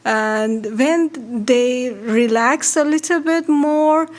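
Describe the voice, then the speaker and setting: A woman tells a folk tale aloud for a radio audience in a slow, unhurried way. Her voice sits a little high, and she pauses and restarts often as she searches for words. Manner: slow, halting telling with many restarts. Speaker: storyteller.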